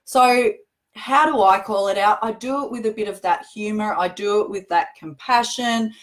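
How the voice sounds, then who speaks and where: A middle-aged woman hosts a show and answers viewer questions, speaking earnestly to camera in a casual, conversational way. She repeats herself for emphasis. Her voice is mid-range and her pace moderate.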